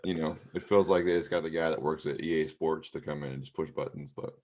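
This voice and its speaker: Deep-voiced guy rambling about sports on a podcast, lots of uhs and likes. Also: steady tone, fast, a little mellow. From Pacific Northwest of the US. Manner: rambling, loose storytelling with many fillers. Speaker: co-host. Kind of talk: casual sports chat.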